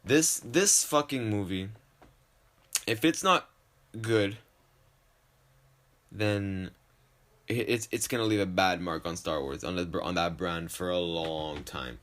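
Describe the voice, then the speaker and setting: A young man with a slight lisp and a lowish voice talks alone into a desk mic. He rambles from topic to topic, swears freely and keeps cutting himself down in a casual solo podcast. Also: takes it slowly, long pauses, a bit bright. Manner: rambling, profane, self-deprecating. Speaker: podcast host. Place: home desk.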